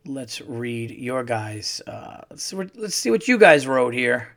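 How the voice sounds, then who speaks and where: A man with a medium-pitched, fairly bright voice hosts his own podcast solo, speaking a little slowly with big swings in pitch. He rambles and swears through a worked-up rant in a casual monologue.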